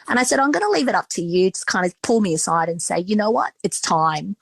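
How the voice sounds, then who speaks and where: A woman's voice: medium pitch, expressive, fast, gravelly, husky, no echo, poor audio. A middle-aged woman with an Australian accent telling stories in a casual interview, chatty and full of restarts and quoted dialogue. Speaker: restaurateur and podcast guest.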